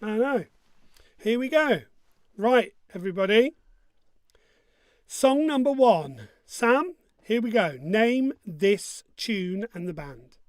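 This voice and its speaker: A man's voice: high-pitched, animated, slow, dry recording. A man hosting an online pub quiz, joking along and humming his own jingles. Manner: jokey and upbeat, hums his own jingles.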